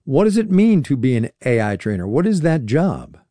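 A man hosting a radio interview, speaking in a measured way with small restarts. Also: medium pitch, big pitch swings, mellow, dry recording. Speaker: radio show host. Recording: dry studio sound.

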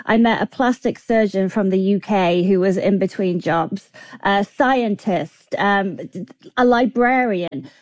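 A woman guest with a mid-pitched voice, talking through her answers in a chatty way. She fills her sentences with "like" and "kind of". The sound is dry and close. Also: darkish tone, no room sound. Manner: chatty, with many "like" and "kind of" fillers. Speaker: guest screenwriter. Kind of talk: interview answers.

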